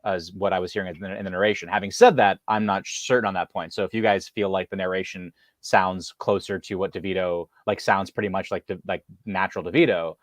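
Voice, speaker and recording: Co-host, male, lowish voice, dry close sound, halting, self-correcting delivery. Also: steady tone, no echo. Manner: hesitant, many fillers and restarts. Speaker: podcast co-host. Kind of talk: casual film discussion.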